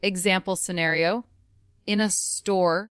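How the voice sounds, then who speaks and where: Slow, smooth-voiced woman teaching English. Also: lowish voice, steady tone, fairly bright tone, dry recording, clean studio sound. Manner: slow, clear, instructive delivery. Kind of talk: scripted lesson narration.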